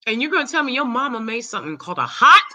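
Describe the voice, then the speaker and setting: A woman hosting her own live stream, ranting loudly and cursing heavily in casual talk. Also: on the high side, sing-song, racing, low-quality recording. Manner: loud, profane, heated. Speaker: channel host.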